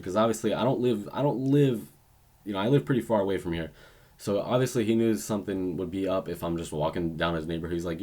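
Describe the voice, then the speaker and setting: A man's voice: sits low, quick pace, a little mellow. A young man vlogging, telling a personal story in a casual, rambling way with frequent restarts and self-corrections. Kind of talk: story time vlog.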